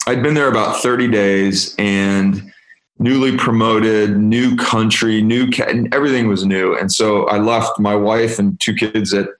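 50s guy telling stories as a guest, low voice, echoey room. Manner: candid, animated storyteller. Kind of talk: storytelling interview answer.

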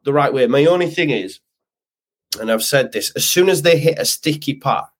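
A man's voice: medium pitch, animated, normal speed. A man guesting on a football podcast, chatty and opinionated with lots of fillers. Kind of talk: casual football chat.

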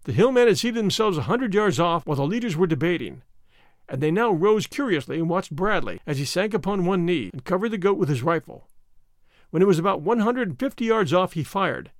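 A man narrating an adventure audiobook in a measured, expressive storytelling manner. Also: high voice, dry recording, clean studio sound.

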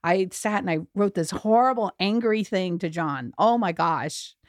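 A woman's voice: mid-range voice, unhurried, dry recording, studio quality. A middle-aged woman, a grief educator guest, telling her story candidly in an earnest, emphatic way on a podcast. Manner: earnest and emphatic, with many restarts.

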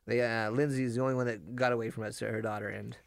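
A man's voice: mid-range voice, flat delivery, quick pace, gravelly, no echo. A man with a Canadian accent, a restaurant owner, tells a long story in a rambling way, full of restarts, as a guest in a radio studio. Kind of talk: casual storytelling. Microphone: studio microphone.

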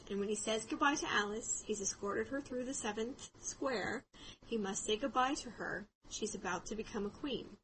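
A woman's voice: a little high, slight background noise, rough recording. A woman co-hosting a podcast, retelling a book in casual chat with lots of laughter and expression. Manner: animated, laughing, voices quoted characters. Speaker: podcast co-host.

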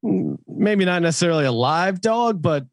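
A man with a fairly high voice hosts a casual betting podcast, reading off spreads and totals before tossing the question to a co-host. The sound is close and dry, with no room around it. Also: animated, moderate pace, creaky, no room sound. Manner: reads lines and odds, throws questions to co-hosts. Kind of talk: casual sports betting talk.

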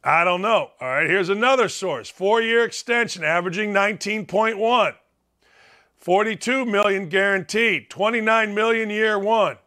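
A man's voice: high-pitched, normal speed, pushed and bright. A middle-aged man hosting a sports talk show, delivering a blunt, emphatic, sarcastic monologue. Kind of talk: opinionated monologue.

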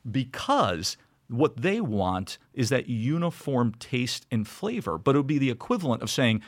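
A middle-aged man chatting casually as a podcast guest, telling stories in an emphatic, animated way. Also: medium pitch, moderate pace, no room sound. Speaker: podcast guest, sports broadcaster. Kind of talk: casual chat.

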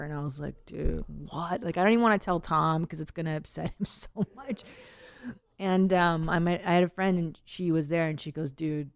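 A woman's voice: fairly low pitch, smooth, no room sound, clean studio sound. A woman in her thirties hosting a podcast, chatting candidly, laughing often and rambling with fillers. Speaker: podcast host. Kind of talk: casual podcast chat.

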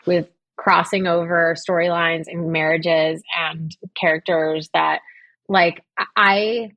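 A woman's voice: fairly low pitch, fairly even intonation, slow, no echo, highs cut off. A woman chatting as a podcast guest, enthusiastic and articulate, gushing about work she admires. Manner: enthusiastic, effusive. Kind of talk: casual interview chat.

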